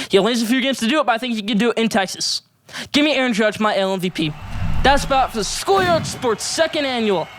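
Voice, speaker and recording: A man's voice: sits high, fairly bright tone. A young man hosting a solo sports show, giving emphatic, opinionated hot takes and rankings. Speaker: sports podcast host.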